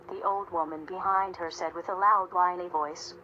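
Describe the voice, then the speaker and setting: Woman narrator, lowish voice, measured storytelling, dull lo-fi sound, faint music behind. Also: steady tone, bright, forceful tone, slight background noise. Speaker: audiobook narrator. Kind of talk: scripted narration.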